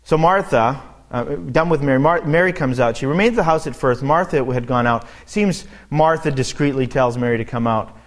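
A man preaching through a scripture passage in a mid-pitched voice. He reads each verse and then talks it over in a loose, conversational way, thinking aloud as he goes. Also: moderate pace, hardly any pauses. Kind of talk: verse-by-verse Bible teaching.

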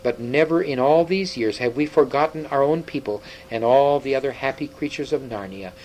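A man's voice: medium pitch, normal speed, a little mellow, slight background noise, natural voice, rough recording. A man voicing an old male half-dwarf scholar, wise and sorrowful, speaking in a grave and tender way. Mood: earnest.

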